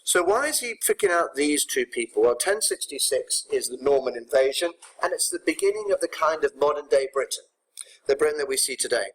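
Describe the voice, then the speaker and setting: A man teaching English poetry to his students, explaining the poems briskly and checking in with tag questions. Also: fairly high pitch, lively intonation, a bit bright, husky, low-quality recording. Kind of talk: recorded poetry lesson.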